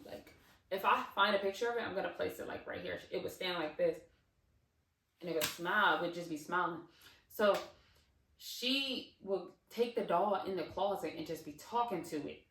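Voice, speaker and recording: A woman in her twenties telling a casual storytime on her channel, animated and digressive, with lots of fillers and asides. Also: fairly low pitch, normal speed, a little hiss or hum. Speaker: vlogger. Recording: roomy, slightly distant mic.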